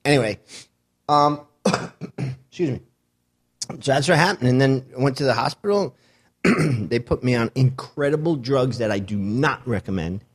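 A man's voice: medium pitch, animated, measured pace, breathy edge, no echo, clean studio sound. A middle-aged man telling a wild story in casual chat, swearing and acting out the voices of the people in it. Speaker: guest.

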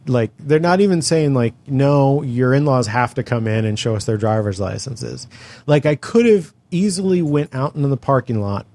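Telling a long, profanity-filled story, this podcast co-host sounds exasperated in the casual chat. He is a middle-aged man from California with a medium-pitched, darkish voice at a moderate pace.

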